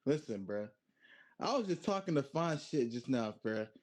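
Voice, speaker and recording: A young man on a video chat app telling a story in an animated, slang-heavy way. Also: mid-range voice, moderate pace.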